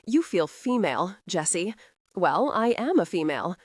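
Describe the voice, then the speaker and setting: A woman's voice: fairly low pitch, very animated, moderate pace, no echo. A woman voicing a bold young man with a dry, teasing way of speaking, in an audiobook.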